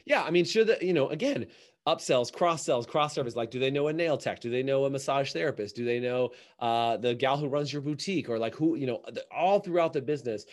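A man who coaches salon owners, talking in a casual podcast conversation, emphatic and animated, acting out little quoted voices. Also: medium pitch, a little fast.

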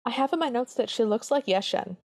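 A woman's voice: fairly high pitch, animated, a little mellow, no room sound, studio quality. A woman co-hosting a podcast, reviewing an old cartoon in an earnest, chatty way. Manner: chatty, earnest, quick asides. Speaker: podcast co-host. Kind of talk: casual review chat.

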